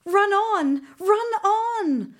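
Scared little boy voice, high and pleady, bouncy, woman doing it. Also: lively intonation, a little slow. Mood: urgent. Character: frightened young boy hero.

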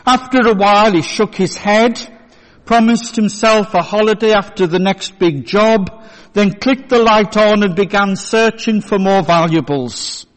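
A male pastor giving a sermon in a church, telling a story in a measured way. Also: high voice, fairly bright tone. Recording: long church reverb.

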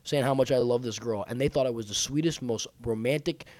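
A man's voice: brisk, darkish tone, no room sound. Crude, joking man in his twenties. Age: 20s. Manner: crude, joking, mimics others in a high voice. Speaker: podcast storyteller. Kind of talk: casual chat, telling a story.

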